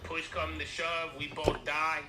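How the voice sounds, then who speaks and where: A man's voice: a little high, completely flat delivery, measured pace, very noisy. Rambling man in an echoey room. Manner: rambling, swearing, acts out imagined dialogue. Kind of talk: casual chat.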